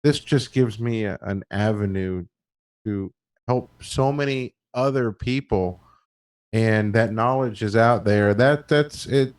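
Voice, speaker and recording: A man who breeds fish, speaking in casual chat, earnest and halting with repeated words, choked up with emotion. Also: lowish voice. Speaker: fish breeder and show host.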